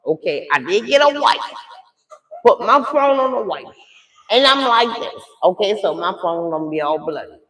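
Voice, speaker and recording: An older woman telling a dramatic story to her viewers in a chatty, animated way. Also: mid-range voice, normal speed, reverberant. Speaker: live streamer telling a story.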